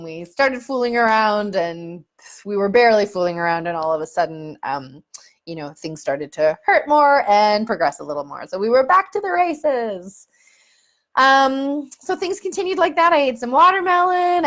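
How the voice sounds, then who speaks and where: A young adult woman from Canada, candidly telling a personal story in a casual vlog, laughing often and acting out remembered moments. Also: fairly high pitch. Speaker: vlogger.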